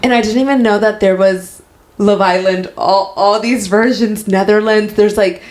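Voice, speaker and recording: A woman's voice: mid-range voice, steady tone, moderate pace, darkish tone. Giggly young woman podcast co-host. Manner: laughs often, quotes people with playful voices. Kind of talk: casual chat.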